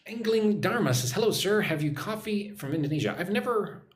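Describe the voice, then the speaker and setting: A man's voice: sits high, expressive, brisk, reverberant. A man from the United States teaching business English on a live stream, reading out viewer messages and tagging phrases with "right?". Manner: repeats "right?" after phrases, reads chat messages aloud. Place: room in Vietnam.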